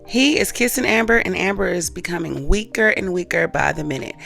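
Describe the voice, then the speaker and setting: A woman's voice: lowish voice, animated, fairly quick, vocal fry, few pauses, fairly bright tone, faint music behind. A woman hosting a reaction channel, chatting casually to her viewers as she recaps a comedy skit. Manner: chatty, addresses viewers as cousins.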